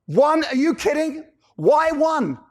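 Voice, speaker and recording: A man preaching a sermon, animated, firing off rhetorical questions and acting out characters. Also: very high-pitched, takes it slowly.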